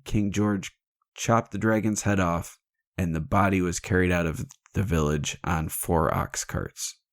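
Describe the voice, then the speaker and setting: A man's voice: low-pitched, no room sound, clean studio sound. A man hosting a podcast, retelling a legend in a casual, irreverent and jokey way, swearing freely. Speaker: podcast host. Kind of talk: casual storytelling chat.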